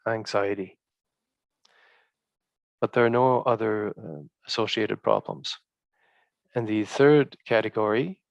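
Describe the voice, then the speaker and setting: A male researcher presenting study results in a halting way, with many fillers and restarts. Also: mid-range voice, vocal fry, no echo.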